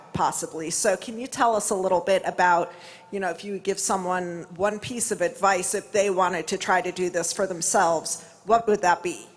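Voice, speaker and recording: A woman's voice: medium pitch, rough recording. A woman interviewing a winner at a horse show, friendly and conversational in her questions. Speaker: arena interviewer. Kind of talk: on-the-spot interview. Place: large covered horse arena.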